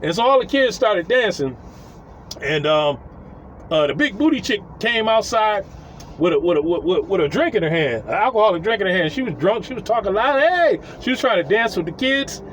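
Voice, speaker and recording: A man's voice: sits high, animated, fairly quick, fairly bright tone, slight background noise, low-quality recording. A man telling a story casually outdoors, rambling, swearing and chuckling as he goes.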